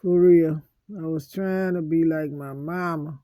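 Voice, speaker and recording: A woman in a personal vlog monologue, talking slowly with heavy pauses and repeating her hurt, aggrieved lines over and over. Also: low-pitched, fairly even intonation, dark tone, no room sound. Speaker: vlogger.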